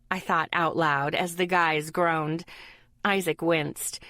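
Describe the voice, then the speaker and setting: A woman's voice: low voice, fairly even intonation, slow pace, pushed and bright, dry recording, studio quality. A woman narrating a first-person audiobook in a light, wry storytelling manner.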